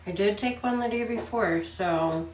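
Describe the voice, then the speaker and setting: A woman vlogging casually about her days, tired and out of breath, speaking softly. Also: mid-range voice, roomy sound, distant mic, a little hiss or hum. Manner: weary, speaking softly and slowly. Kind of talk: casual personal vlog. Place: hospital room, then home.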